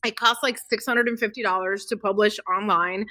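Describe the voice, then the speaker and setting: A woman's voice: mid-range voice, fairly even intonation, a little fast, bright, forceful tone, no room sound. A middle-aged woman, a podcast guest, telling personal stories in an emotional, rambling way full of fillers. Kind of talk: casual interview chat.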